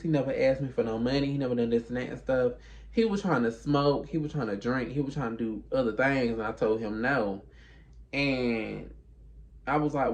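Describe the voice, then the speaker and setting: Sassy, gravelly man telling a story. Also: medium pitch, a little mellow. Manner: sassy, emphatic, acts out both sides of conversations. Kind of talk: casual storytime monologue.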